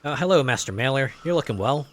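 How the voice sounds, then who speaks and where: A man's voice: mid-range voice, expressive, fast, fairly bright tone, pitched above the performer's own voice, lightly acted. A man voicing a lonely, gossipy older villager in a story-driven video game, reading the lines aloud.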